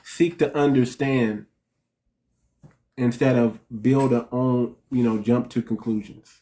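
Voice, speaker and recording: A man's voice: medium pitch, fairly even intonation, slow, warm tone. Blunt, direct man hosting a livestream. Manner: direct, repetitive, restarts sentences. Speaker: relationship coach and livestream host. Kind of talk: casual livestream talk.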